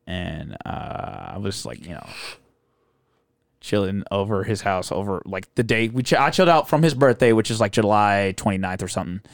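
Man, 20s, podcast guest, profane storyteller, lively pitch, dry sound. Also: normal speed, gravelly, no echo. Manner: animated, profane, acts out friends' voices. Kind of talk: casual storytelling chat.

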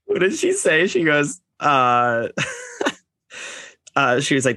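Very low-voiced woman, lively and bright. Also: no echo, studio quality. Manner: giggly, quick reactions. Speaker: podcast co-host. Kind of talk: casual chat.

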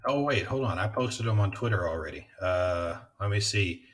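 A man's voice: lowish voice, expressive, moderate pace, far from the mic. A man hosting a podcast, chatting casually and rambling, swearing often and laughing. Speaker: podcast host. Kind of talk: casual chat.

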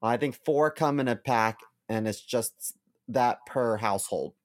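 A man's voice: mid-range voice, unhurried. A young man co-hosting a podcast, playful and goofy, swearing offhandedly. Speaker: podcast co-host. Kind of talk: casual joking chat.

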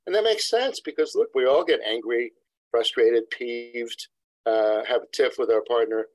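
A man's voice: medium pitch, moderate pace, rough recording. A man, a couple therapist, explains research in a lecturing, digressive way as an interview guest. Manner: lecturing, digressive, acts out quotes. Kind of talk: expert explaining in a podcast interview. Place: New York City practice.

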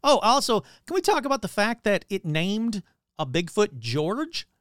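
A man's voice: sits high, very animated, measured pace, a bit bright, no echo, clean studio sound. A man hosting casual comedic commentary, rambling, exclaiming and cutting himself off. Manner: rambling, exclamatory, self-interrupting. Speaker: host.

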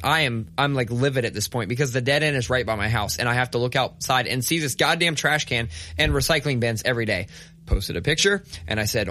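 A man's voice: medium pitch, expressive, brisk, bright, forceful tone. A man co-hosting a podcast, telling a long story in casual chat, swearing a lot and ranting with mock outrage. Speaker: podcast co-host.

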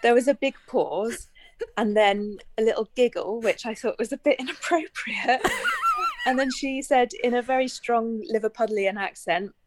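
A woman's voice: fairly high pitch, huge pitch swings, moderate pace, background noise. A woman from Bristol, telling a personal anecdote in a chatty way and laughing often. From Bristol, England. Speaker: guest telling a story. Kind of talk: casual anecdote.

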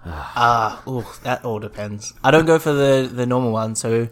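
A man's voice: medium pitch, moderate pace. Easygoing Australian man guesting. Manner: easygoing, modest, a bit hesitant. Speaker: podcast guest. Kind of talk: casual chat.

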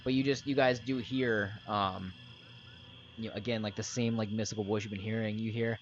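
A man's voice: on the low side, fairly even intonation, normal speed, slight background noise. Young male game master, casual rambling narration, muffled lo-fi audio. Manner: rambling, filler-heavy, loose.

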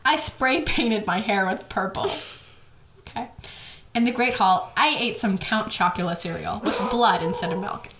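A woman's voice: medium pitch, moderate pace, a bit bright. A woman co-hosting a casual podcast, reading fan fiction aloud with giggles and retakes, sitting farther from the mic than her co-host. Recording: echoey room, off-mic, background noise.

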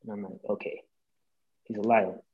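A young man, a podcast guest, telling a breakup story in casual chat, animated and full of swearing, acting out what people said. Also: fairly low pitch, moderate pace, narrow, tinny audio. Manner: animated, profane, acts out quoted lines.

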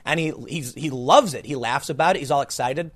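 A man delivering a political commentary monologue as a podcast host, incredulous and emphatic, often restarting his sentences. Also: fairly quick. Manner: incredulous and emphatic, with frequent restarts and sharp swings in pitch.

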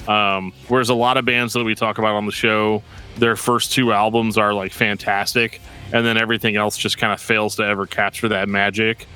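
A man's voice: fairly low pitch, flat delivery, a little fast, sharp tone, smooth, faint music behind. A man hosting a podcast, talking casually about metal records in a rambling way with lots of fillers. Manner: laid-back, rambling with frequent fillers and laughs. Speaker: podcast host.

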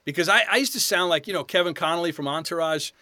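A man's voice: a little high, fast talker, bright, forceful tone, no room sound. A man from New York, guest actor on a casual podcast interview, telling chatty, self-deprecating stories.

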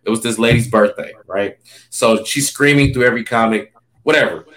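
A man's voice: mid-range voice, fairly quick. A man, a stand-up comedian, telling stories in a loose, casual interview chat, full of fillers and asides. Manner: loose, filler-heavy, animated anecdotes.

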